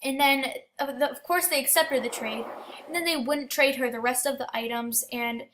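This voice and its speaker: Chatty teen girl, high voice. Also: moderate pace, background noise. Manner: chatty, lots of "like" and restarts. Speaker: gaming storyteller. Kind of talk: casual storytelling.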